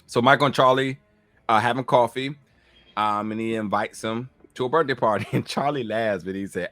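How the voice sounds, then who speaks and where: A man's voice: lowish voice, moderate pace, no room sound, soft background music. A man with a Southern US accent recapping a TV episode in casual chat, acting out lines and padding with fillers. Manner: animated, acts out quotes, frequent fillers. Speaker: podcast co-host reviewing a TV episode.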